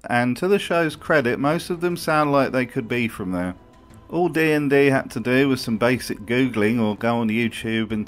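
A man giving a wry, sardonic voice-over commentary as a video host, swearing freely. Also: mid-range voice.

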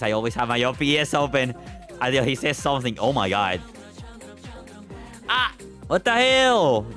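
A man livestreaming, chatting with his viewers in an excitable, rambling way, stammering and swearing. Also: medium pitch.

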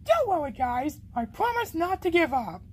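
Eager cartoon heroine voiced by a woman, high and lively, slow and melodramatic. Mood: apologetic. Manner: dramatic, wailing outbursts. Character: excitable, hopeful young heroine.

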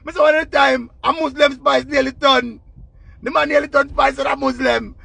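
Man, very high voice, gravelly, excitable storytelling, young adult. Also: moderate pace, no room sound. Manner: animated, excitable, dramatic retelling with shouts. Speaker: vlogger. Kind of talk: casual storytelling.

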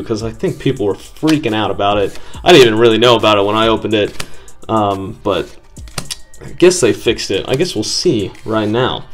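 Excited man opening trading cards. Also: fairly low pitch. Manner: excited, upbeat, addresses viewers. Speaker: card-opening video host. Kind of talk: casual chat to viewers.

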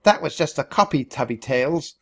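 A man's voice: mid-range voice, very animated, normal speed. A man voicing a bossy, harsh female mouse drill instructor who barks orders and shrieks in a storybook reading. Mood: mocking.

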